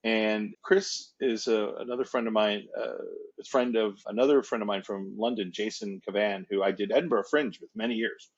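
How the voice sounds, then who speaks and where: A man's voice: fairly low pitch, fairly even intonation, normal speed, husky, muffled recording. A male actor and producer as a guest, telling rambling, casual anecdotes with lots of restarts. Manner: rambling, repeats words and restarts.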